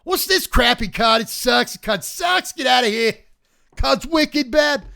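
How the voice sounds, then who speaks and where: A man putting on a Northeastern US accent to play a brash, grumpy card critic who shouts dismissively. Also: extremely high pitch, lively intonation, a little slow, vocal fry, pitched above the performer's own voice, exaggerated voice. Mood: scornful.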